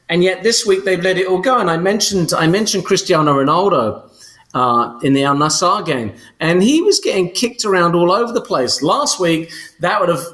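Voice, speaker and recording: A man's voice: a little high, fairly bright tone. An English man co-hosting a soccer podcast, talking casually with many fillers and restarts. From England. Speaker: co-host.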